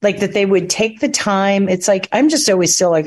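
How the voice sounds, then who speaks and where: A woman, an actress guesting on a casual interview, tells chatty stories and acts out what people said, all over a phone connection. Her intonation is lively, her pitch medium, her tone darkish, and her speed normal.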